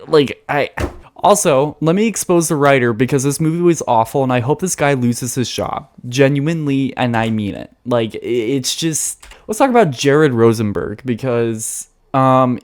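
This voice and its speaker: A man's voice: mid-range voice, a little mellow. A man giving a casual, blunt film review to his channel, chatty and full of fillers and restarts.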